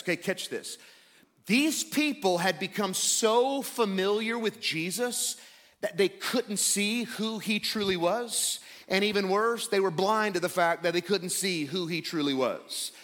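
A man in his thirties preaching a sermon to a church congregation, animated and conversational, acting out quoted voices. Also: high voice. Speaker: pastor. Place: church sanctuary.

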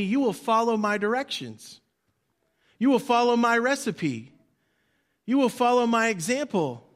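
A man preaching a sermon as pastor, swinging between loud emphasis and quiet drops, leading the congregation to repeat lines after him. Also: high-pitched. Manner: leads the congregation in call-and-response.

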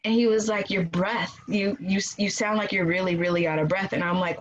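A woman casually telling a personal story in an animated way, acting out quoted voices and laughing often. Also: fairly low pitch, moderate pace, hardly any pauses, muffled recording. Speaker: guest telling her birth story.

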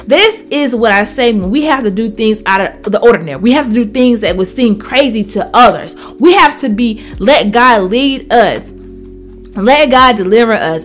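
A woman delivers a fervent sermon-style Bible teaching, her voice sitting a little high and rising and falling dramatically as she drives her points home. Her delivery is emphatic and personal, and soft music plays faintly behind her. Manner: fervent, emphatic, addresses listeners as y'all. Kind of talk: Bible reading with preaching commentary.

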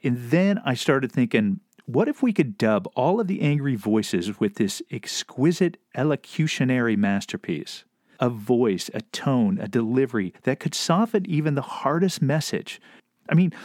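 A man's voice: mid-range voice, animated, normal speed, a little mellow, no room sound, clean studio sound. A man hosting a podcast, delivering sarcastic, profane political commentary. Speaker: podcast host.

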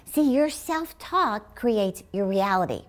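A middle-aged woman preaching a sermon in an emphatic manner, often rising to high exclamations. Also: expressive, slow pace.

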